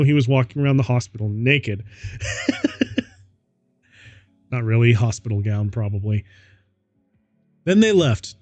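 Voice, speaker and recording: A man's voice: mid-range voice, dark tone, dry recording. A man streaming himself reading a story aloud, laughing at the text and adding mocking asides. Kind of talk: casual dramatic reading.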